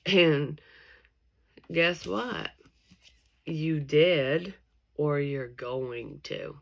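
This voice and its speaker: A young woman talks through a tarot reading while tipsy, with a low, gravelly voice and an unhurried pace. She is loose and giggly and swears casually as she reads the cards. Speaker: tarot reader.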